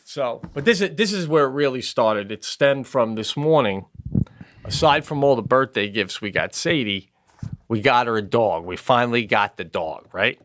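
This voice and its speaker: A man co-hosting a comedy podcast, telling animated stories with frequent swearing while recovering from hip surgery. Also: medium pitch, normal speed, dry recording. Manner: animated storyteller, swearing, acting out voices. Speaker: podcast co-host. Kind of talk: casual comedic chat.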